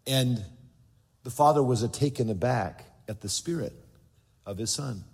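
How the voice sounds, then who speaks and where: A man's voice: mid-range voice, unhurried, gravelly, pauses often, darkish tone, slightly rough. A male pastor preaching a sermon in a church, reading scripture aloud and acting out the voices of the people in his story. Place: church sanctuary. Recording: long reverb of a large church.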